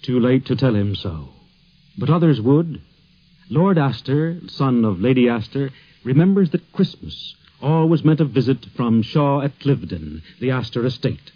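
A man giving measured scripted documentary narration, in a dull lo-fi recording. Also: mid-range voice, expressive, no room sound.

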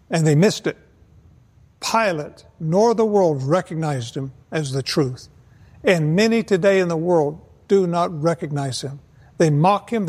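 Male preacher, high voice, earnest and measured, long reverb on the voice. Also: darkish tone. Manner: earnest, measured, slows for emphasis. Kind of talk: evangelistic sermon.

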